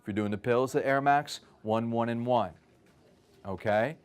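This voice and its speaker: A man's voice: medium pitch, moderate pace, clear, resonant tone. A man giving a live wellness presentation, telling stories and checking in with "okay?". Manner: animated storyteller, frequent "okay?" check-ins.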